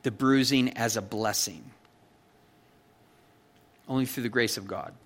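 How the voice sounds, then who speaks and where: A man's voice: mid-range voice, measured pace. A man preaching an expository sermon in a conversational, emphatic way, often checking in with his listeners. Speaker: pastor.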